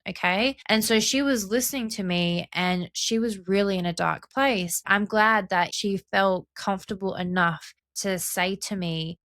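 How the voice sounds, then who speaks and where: A young adult woman hosts a reflective solo podcast, speaking earnestly and passionately in a medium-pitched, slightly bright voice at a measured pace with hardly any pauses. She often checks in with "right?" and "okay?", and the sound is clean studio audio with no room sound.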